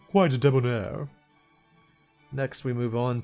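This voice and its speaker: Over soft background music, a man streams while he draws, rambling in a laid-back way and chuckling to himself. His voice is medium-pitched and expressive, at a normal speed.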